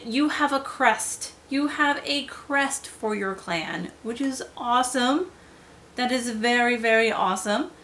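A woman giving a casual solo review vlog, gushing and chatty, often trailing off into soft whispered asides. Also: on the high side. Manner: chatty, fillers and self-corrections. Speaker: game lair reviewer.

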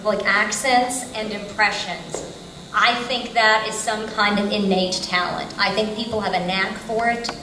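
A woman's voice: medium pitch, fairly even intonation, unhurried, noisy background. A woman voice actor on a convention panel, earnestly giving her opinion to a fan. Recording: echoey hall, far off the mic.

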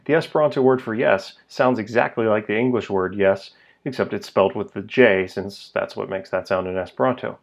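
A man teaching a pronunciation lesson, speaking slowly and repeating each word so learners can follow. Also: on the low side, gravelly. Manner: slow, deliberate, repeats words for learners. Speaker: language teacher.

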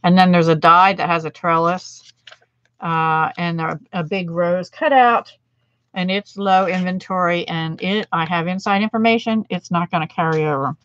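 A woman's voice: lowish voice, fairly even intonation, normal speed, fairly bright tone, muffled recording. Chatty self-deprecating woman crafting live. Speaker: card-making demonstrator. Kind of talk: livestream craft demo, chatting with viewers.

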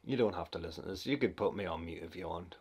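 A man's voice: deep voice, fast talker, breathy edge. A man with a Geordie accent giving casual, self-mocking let's-play commentary full of crude jokes. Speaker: gameplay commentator.

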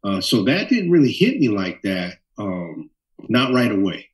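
A middle-aged man from Minnesota, a bassist telling stories in an interview with lively animation. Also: a little slow, recorded from a distance, rough recording. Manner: animated storyteller, acts out voices in quotes. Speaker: bassist guest. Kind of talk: storytelling interview.

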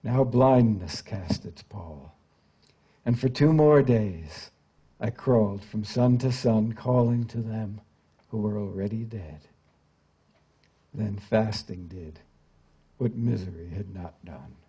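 An older American man reading verse translations aloud in a grave, measured way that sinks to a hush, then chatting with the audience with many fillers. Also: fairly low pitch, breathy edge. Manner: chatty and hesitant with many fillers when speaking off the page. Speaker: literary translator giving a public reading. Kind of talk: poetry reading and audience talk. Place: public lecture event before an audience.

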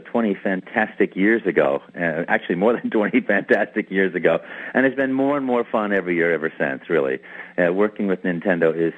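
A man in his fifties, a voice actor guest in an interview, telling a story in an animated way with lots of repeated words and restarts. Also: on the low side. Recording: tinny phone-like radio line.

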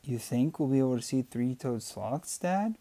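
A man voicing a curious, eager eight-year-old girl on a family trip in an audiobook reading. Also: lightly acted. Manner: high, excited, quick questions.

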